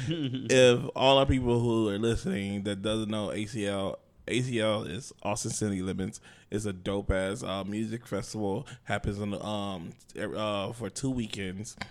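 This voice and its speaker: A man hosting a casual podcast, talking in a rambling, slangy way with many fillers. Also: on the low side. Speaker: podcast host. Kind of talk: casual chat.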